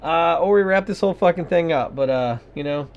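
A man's voice: a little high, brisk. A man co-hosting a podcast, chatting casually with sarcasm, swearing and lots of fillers. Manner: sarcastic, rambling with fillers and mock voices. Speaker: podcast co-host. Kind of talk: casual profane banter. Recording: dull lo-fi podcast audio.

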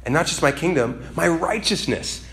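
A man's voice: expressive, normal speed, vocal fry, fairly bright tone. Conversational man preaching with rising fervor. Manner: conversational, dynamic, rising to emphatic high peaks. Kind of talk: sermon.

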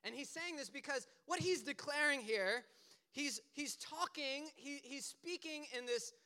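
Bright, high-voiced male preacher. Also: measured pace. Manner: animated storytelling with casual asides. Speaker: pastor. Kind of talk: casual conversational sermon.

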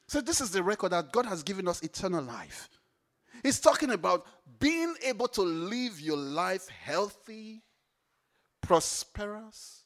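A man preaching a sermon, animated, repeating phrases for emphasis and swinging from hushed to loud. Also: high-pitched.

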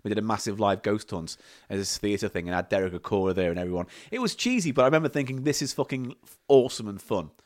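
A man's voice: on the low side, animated, fast talker. A man co-hosting a comedy podcast, swearing freely as he tells an anecdote with lots of laughter. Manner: sweary, storytelling, laughs often. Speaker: podcast co-host. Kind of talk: casual comedic chat.

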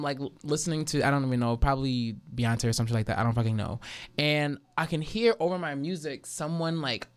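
A man telling a story in a casual chat, animated and profane, laughing as he goes. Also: fairly high pitch, smooth.

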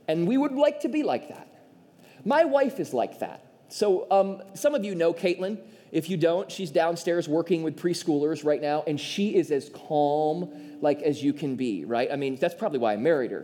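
A man with a notably high-pitched voice delivers a sermon, switching between lively storytelling and earnest prayer. His voice rings out with a long hall reverb. He sounds like a pastor addressing his congregation. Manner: animated storytelling, prays aloud. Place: church sanctuary.

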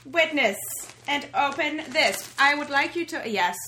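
A woman's voice: sits high, lively intonation, measured pace, pushed and bright, a little hiss or hum. A woman co-hosting a podcast, upbeat and teasing in casual chat. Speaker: podcast co-host.

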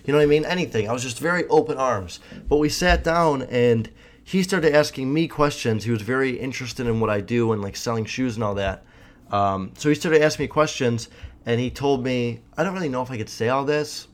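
A man's voice: mid-range voice, a little fast. A young man with a casual, profane, rambling storytelling style, hosting his own podcast, full of fillers and swearing.

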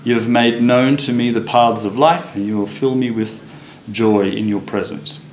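A man's voice: medium pitch, steady tone, moderate pace, a little mellow. A man leading a casual Bible study, chatty and laughing, often restarting his sentences. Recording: echoey room with faint noise.

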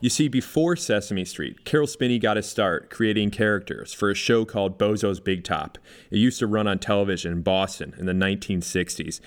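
A man's voice: fairly low pitch, a little fast. A man hosting a radio podcast with scripted, conversational narration. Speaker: podcast host.

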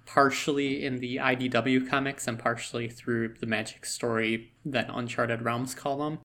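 A man's voice: medium pitch, bright, forceful tone. A man co-hosting a podcast, chatty and rambling with frequent fillers in a casual fan discussion. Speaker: podcast co-host.

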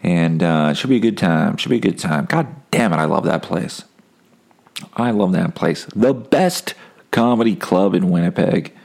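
A man's voice: sits low, lively intonation, normal speed, vocal fry, a little mellow. A man telling a rambling, profane, self-mocking story in a casual monologue as a comedian hosting his own podcast.

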